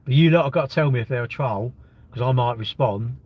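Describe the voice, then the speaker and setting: A man's voice: medium pitch, brisk, slightly rough, highs cut off. Blunt man on a live stream. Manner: blunt, mocking, reads chat aloud. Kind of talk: casual live-stream chat.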